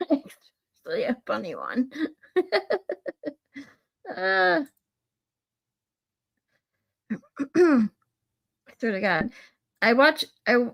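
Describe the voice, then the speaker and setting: A woman hosting a livestream, chatting in a relaxed, easy way. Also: a little high, gravelly. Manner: relaxed, chatty, laughing often. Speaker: livestream host. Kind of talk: casual livestream chat.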